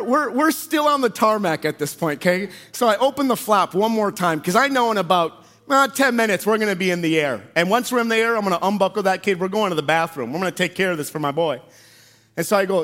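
A man preaching a sermon, telling personal stories in an animated, conversational way and asking the audience questions. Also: high-pitched, a little fast. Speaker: pastor.

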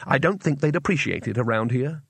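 A man's voice: medium pitch, animated, fairly quick, vocal fry, a bit bright, husky, dry recording, full character voice. A man voicing a nervous, cowardly male wizard who speaks anxiously and with exasperation.

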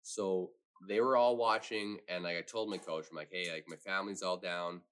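A man's voice: low voice, steady tone, moderate pace, fairly bright tone, clear, resonant tone. A man guesting on a podcast, rambling through a hockey story in casual chat, full of fillers and swearing.

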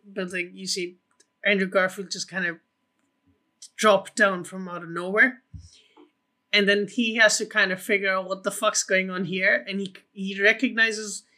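A man with a high, bright voice co-hosting a casual film podcast. He pitches ideas eagerly, swearing freely and leaning on fillers as he goes. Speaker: podcast co-host.

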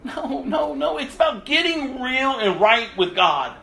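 A man preaching his testimony with a high, animated voice that swings between hushed and loud. His tone is bright, and the sound carries the echo of a roomy space with faint ambience behind it. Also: measured pace, gravelly. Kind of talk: sermon testimony.

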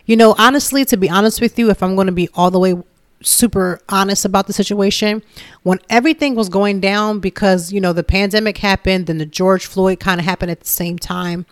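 A woman in her thirties talking candidly and from the heart about her own life, in a relaxed conversational way. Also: medium pitch, fairly quick, no room sound, studio quality. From Philadelphia area. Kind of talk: casual personal talk.

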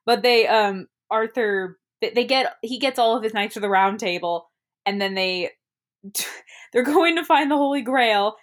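A woman's voice: on the high side, a little slow. A woman in casual chat as a podcast co-host, rambling and giggly with many restarts.

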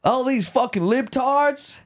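A man putting on a loud, bigoted Southern American man with a Southern accent, high and brash. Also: slow. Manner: brash, shouty, twangy.

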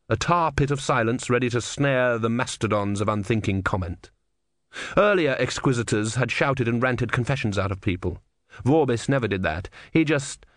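A man reading an audiobook in measured, dry storytelling narration. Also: medium pitch, a bit bright, dry recording. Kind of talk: scripted narration.

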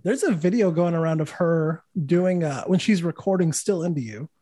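A man in his thirties with a high-pitched voice chats casually as a podcast host. He tells his stories with animation, swears freely and acts out the people he quotes. The sound is dry and close, with no room in it. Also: animated, moderate pace, warm tone, no room sound. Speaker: podcast host and guitar teacher. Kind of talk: casual conversational storytelling.

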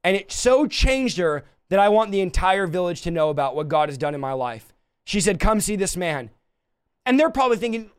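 A man preaching a livestreamed sermon, impassioned, swinging between soft and loud passages. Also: high-pitched, big pitch swings, fairly quick, smooth, dry recording, clean studio sound.

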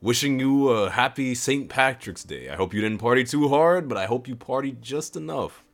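A man's voice: medium pitch, normal speed. A young man talking casually to his viewers with lots of restarts, standing some distance from the mic. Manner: animated, rambling, lots of restarts. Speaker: vlogger. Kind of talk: casual chat to camera. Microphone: stands away from the mic.

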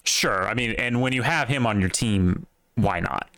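A young man co-hosting a casual sports podcast, animated and swearing, with big jumps in pitch when excited. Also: moderate pace, no echo, studio quality. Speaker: podcast co-host.

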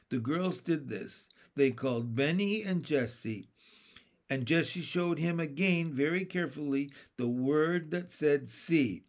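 A man reading a children's book aloud as narrator, slow and careful. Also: a little high.

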